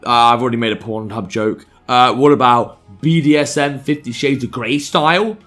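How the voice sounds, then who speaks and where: A man's voice: mid-range voice, normal speed, fairly bright tone, faint music behind. A man reading a visual novel aloud as a let's play host, cutting in with sarcastic, crude jokes.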